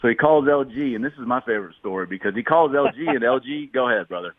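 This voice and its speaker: A man's voice: mid-range voice, lively intonation, fast talker, dry recording. A man talking candidly as a podcast guest, swearing often. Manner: candid, profane. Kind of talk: casual candid talk. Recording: tinny phone-like line, dry.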